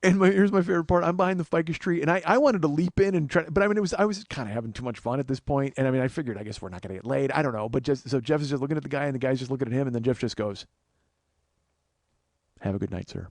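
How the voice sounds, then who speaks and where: A man in his forties telling a profane comic story on his own show, animated and acting out every quote. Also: mid-range voice, rapid-fire, few pauses, no room sound. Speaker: comedian host.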